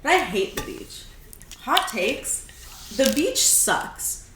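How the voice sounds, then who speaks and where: A young woman from California chats playfully on a casual podcast, her voice pitched a little high and full of "like." The room around her is echoey, with a faint hum of noise underneath. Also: very animated, takes it slowly, fairly bright tone. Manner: chatty, playful, lots of "like". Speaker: podcast co-host. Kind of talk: casual chat.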